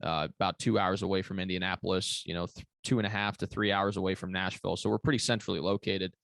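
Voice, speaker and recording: A man's voice: low voice, fairly even intonation, fast talker, creaky, fairly bright tone, dry recording, clean studio sound. A man giving long, rambling interview answers as a commercial real estate broker, with many fillers and restarts. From Kentucky.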